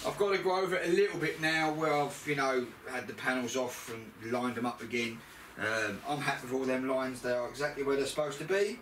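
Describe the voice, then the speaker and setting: A man's voice: mid-range voice, normal speed, a bit bright, a little hiss or hum. Chatty man in a roomy garage. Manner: chatty, grumbling, matter-of-fact. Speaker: motorbike mechanic vlogger. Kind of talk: casual working commentary. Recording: roomy sound from a distant camera mic.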